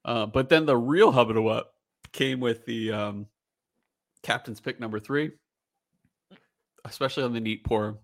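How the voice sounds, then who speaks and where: A man's voice: medium pitch, normal speed, pauses often. A man hosting a casual whiskey tasting podcast, thinking aloud as he settles on his ratings. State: has the hiccups. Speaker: podcast host.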